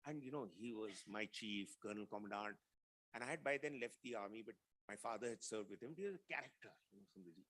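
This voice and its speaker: Blunt gravelly man telling war stories. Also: medium pitch, fairly bright tone. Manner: blunt, acts out quoted voices. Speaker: guest speaker, retired army officer. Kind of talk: anecdotal storytelling talk. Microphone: video call.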